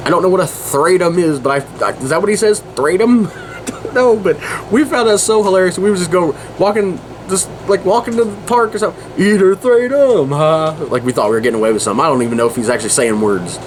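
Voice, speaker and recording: A man's voice: high voice, fast talker, a little hiss or hum, poor audio. A man in his forties hosting a casual podcast, rambling and chuckling often. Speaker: podcast host.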